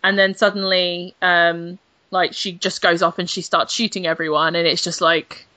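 A young woman talking games on a casual podcast, blunt and animated, cursing without a second thought. Her voice is bright and forceful. It is recorded dry and close, with no room sound. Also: on the low side, normal speed, no echo. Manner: blunt and animated, swears freely. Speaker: podcast guest, games journalist.

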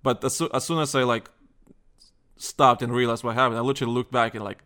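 A man's voice: medium pitch, steady tone, quick pace, bright, forceful tone. A man on a podcast chatting casually, blunt and swearing constantly. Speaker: podcast guest. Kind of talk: casual chat.

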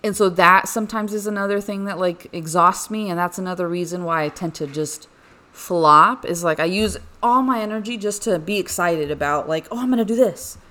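Young female podcast host, slightly low voice, chatty and rambling, energetic bursts. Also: normal speed. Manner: rambling, frequent "like" fillers, animated bursts. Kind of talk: casual personal podcast monologue.

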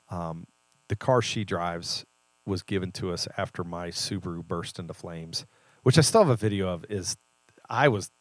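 A man's voice: low voice, no echo. A man from a church, talking earnestly and reflectively about faith in a casual conversation. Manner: earnest, reflective, builds to emphatic points. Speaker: church leader and podcast co-host.

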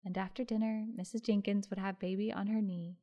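A woman narrating a classic story for an audiobook. Her reading is lively, with little asides to the listener. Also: mid-range voice, brisk.

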